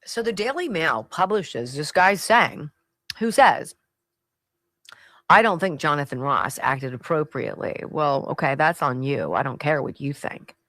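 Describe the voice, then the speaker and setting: A woman's voice: low voice, animated, measured pace, fairly bright tone, dry recording. A woman hosting a talk radio show, giving sarcastic, emphatic commentary and reading ad spots with a hard sell.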